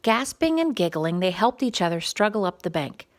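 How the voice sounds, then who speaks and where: A woman reading a quiet story time picture book aloud for young children, gentle and expressive. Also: on the low side, normal speed.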